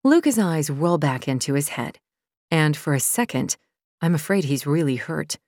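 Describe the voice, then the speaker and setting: A woman's voice: low voice, lively intonation, normal speed, darkish tone, no room sound. A woman giving tense, intense first-person audiobook narration, close to the mic. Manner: tense and intense, rising sharply when voicing the heroine.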